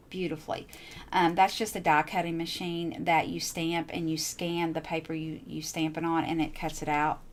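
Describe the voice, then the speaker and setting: Woman, lower voice, gushing, rambling craft-room chatter. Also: slight background noise. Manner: chatty, gushing, repeats herself. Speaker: crafting channel host. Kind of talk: casual show-and-tell crafting chat.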